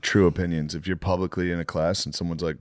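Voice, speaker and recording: A man's voice: low-pitched, little pitch movement, fast talker, dry recording. A man co-hosting a podcast in casual chat, laid-back and dry, laughing along with his partner. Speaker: podcast co-host.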